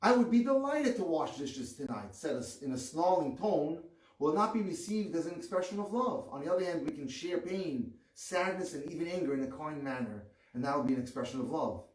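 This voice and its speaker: A man giving an earnest rabbi's lecture on marriage, reading with expressive rises on key words. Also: fairly high pitch, fairly quick. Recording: echoey room, far from the mic.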